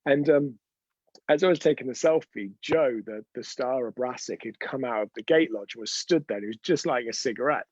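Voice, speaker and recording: A man's voice: medium pitch, fairly quick, darkish tone, breathy edge, no echo, lo-fi sound. A man hosting an unscripted live stream, telling chatty, rambling anecdotes with frequent restarts. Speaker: host of a weekly live show.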